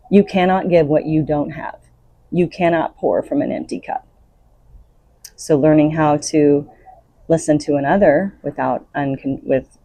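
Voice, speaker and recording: Speaking on her own podcast, this woman gives earnest, coaching spiritual self-help talk off the cuff, with laughter between ideas. Her voice is deep, creaky, and warm, slightly breathy, with no room sound.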